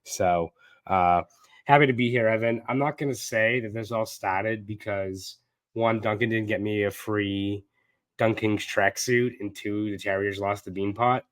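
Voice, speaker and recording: A man's voice: fairly low pitch, steady tone, unhurried, dry recording. Congested, sardonic man with a cold. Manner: sardonic, profane. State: sick, congested voice. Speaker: podcast host. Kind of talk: casual sports podcast chat.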